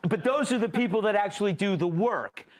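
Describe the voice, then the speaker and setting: A man's voice: sits high, lively intonation, a little fast. A man hosting a panel show, teasing his guests and laughing easily. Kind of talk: joking panel discussion.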